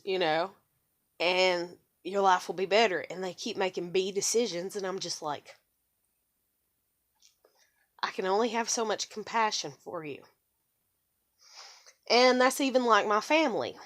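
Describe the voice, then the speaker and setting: Brief: woman vlogger, young adult, middle pitch, rambling, swears a lot while she vents. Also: a bit bright. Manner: frustrated, rambling, profane venting. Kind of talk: casual personal monologue.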